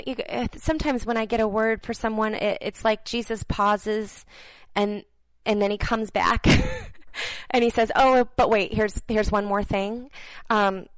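This woman ministers to viewers with prophetic words, her delivery earnest and halting, with repeated phrases and quiet, near-whispered stretches. Her voice is mid-range, and the rough recording has no echo.

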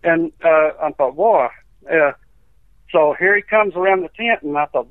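High-voiced evangelist on the phone. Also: male voice, moderate pace, no echo. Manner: rambling folksy storytelling, acts out quotes. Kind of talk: telling healing testimonies on a call-in show. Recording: tinny dry phone line.

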